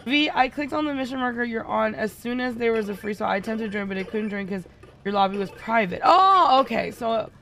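A woman's voice: on the high side, expressive, a little fast, fairly bright tone, faint music behind. A woman streaming a co-op game, chatting casually and teasing her teammates with lots of giggles. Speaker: VTuber streamer. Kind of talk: casual gaming stream chat.

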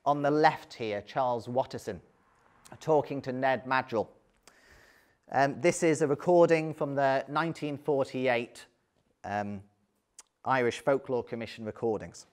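A man giving an illustrated history talk, conversational, with frequent ums and dry little asides. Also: medium pitch. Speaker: lecturer.

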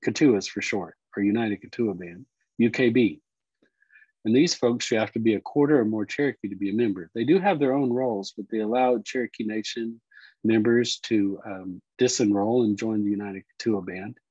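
A man teaching Cherokee words and culture, explaining slowly and repeating each word. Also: lowish voice, a little mellow, husky, no room sound, dull audio. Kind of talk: explanatory lesson talk.

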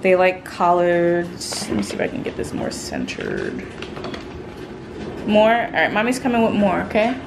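Her voice is on the low side, creaky and unhurried, with wildly swooping pitch as this young mother of triplets vlogs casually at home. In the kitchen she talks to the camera and wheedles her toddlers in sing-song baby talk, with roomy sound and background noise.

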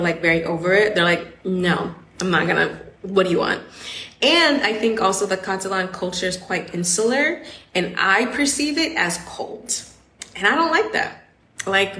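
A woman's voice: medium pitch, a bit bright. Host: Southern American woman, casual and frank, peppers her talk with fillers, reverberant room with faint hiss. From Southern US, Atlanta. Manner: chatty, candid, frequent "like" fillers. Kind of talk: casual live-stream chat.

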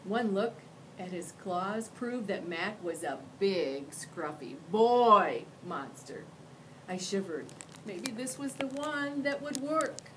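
A woman teacher reading a picture book aloud with expressive storytelling. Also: mid-range voice, slow pace, slight background noise, low-quality recording.

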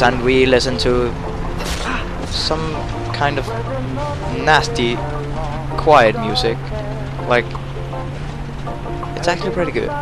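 A man doing let's play commentary who gets excitable, exclaims and yells at the game. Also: medium pitch. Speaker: gamer. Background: game music and car sounds.

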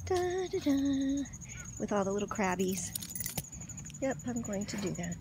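Filming herself on her phone outdoors by the water, a woman talks herself through her nerves in a casual vlog, swearing heavily and suddenly dropping into whispers. Her voice is on the high side and darkish, with big pitch swings, a measured pace, and long pauses. A little hiss or hum is audible.

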